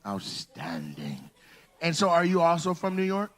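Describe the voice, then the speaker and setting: Loud, bright-voiced stand-up man. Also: sits high, level tone, fast. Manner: loud, teasing, shouts punchlines. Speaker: stand-up comedian. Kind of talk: crowd work stand-up. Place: comedy club stage.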